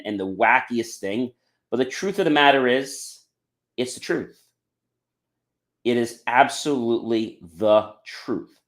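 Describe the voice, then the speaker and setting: A man hosting a podcast and giving a motivational talk, emphatic, often tagging on "okay" and addressing the audience as "ladies and gentlemen.". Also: medium pitch. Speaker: podcast host. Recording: roomy echo.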